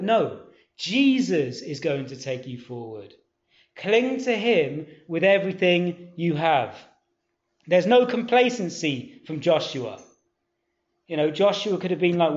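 A man preaches slowly in a sing-song voice that sits on the high side. Conversational in tone, he asks questions, reads scripture aloud, and urges his listeners on. The sound is dull and lo-fi, echoing around a hall.

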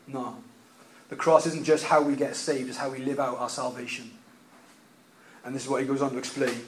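A man preaching a sermon, emphatic, repeating key phrases and swinging between loud and quiet delivery. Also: medium pitch, level tone, normal speed, long pauses.

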